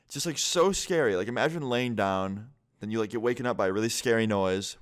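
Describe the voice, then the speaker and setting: A man's voice: lowish voice, a little fast. A young man telling a scary story in a casual vlog, swearing constantly and saying "like" all the time. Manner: casual, heavy swearing, lots of "like". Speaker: vlogger.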